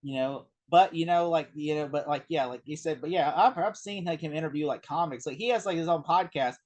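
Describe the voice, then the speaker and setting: A man in a casual film discussion, retelling behind-the-scenes stories in a rambling, animated way with lots of fillers. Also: on the high side, a little fast. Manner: rambling, animated anecdote-telling with many fillers. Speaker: film review co-host.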